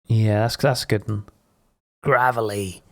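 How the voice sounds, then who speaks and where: A man's voice: on the low side, fairly even intonation, a little slow. A man streaming a game, chatting with viewers in a rambling, sweary, jokey way. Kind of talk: casual live-stream chat while gaming.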